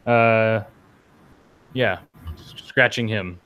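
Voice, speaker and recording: A man narrating as game master, relaxed and full of small pauses. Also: lowish voice, clear, resonant tone. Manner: relaxed, full of fillers and restarts.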